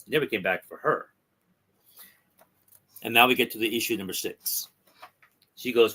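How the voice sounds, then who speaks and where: A man on a talk podcast casually retelling a comic's story, halting with ums and restarts. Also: on the low side, pushed and bright, breathy edge. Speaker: podcast co-host discussing comics.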